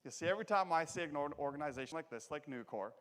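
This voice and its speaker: A Canadian man giving a folksy, joking motivational safety talk with a lively delivery. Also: on the high side, rapid-fire. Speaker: safety speaker. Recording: echoey hall.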